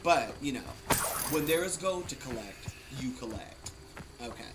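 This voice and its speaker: Excitable man chatting over gameplay. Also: medium pitch, moderate pace, heavy background noise. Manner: chatty and excitable, gushing and joking. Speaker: let's play streamer. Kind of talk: casual gameplay commentary. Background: game music.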